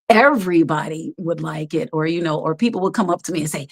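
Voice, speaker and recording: Animated, low-voiced woman telling stories. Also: gravelly. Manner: animated storyteller, quick to laugh, many fillers. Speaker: guest. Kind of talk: casual interview over a live stream. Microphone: video call.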